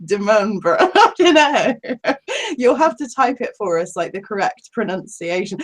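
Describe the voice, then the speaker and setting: A woman's voice: on the high side, big pitch swings, measured pace. Giggly chatty Englishwoman. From England. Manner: giggly, rambling, self-deprecating. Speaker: guest. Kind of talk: casual live-stream chat.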